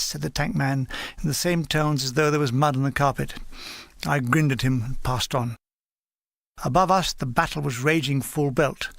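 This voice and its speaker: A man reading a memoir aloud as an audiobook, in a steady, understated storytelling manner. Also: medium pitch, normal speed, vocal fry, no echo, clean studio sound. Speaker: reader.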